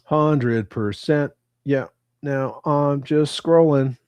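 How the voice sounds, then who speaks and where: A man's voice: mid-range voice, very slow, a little mellow, clear, resonant tone, no echo, lo-fi sound. A man hosting a casual livestream, reading chat comments aloud with crude, profane banter.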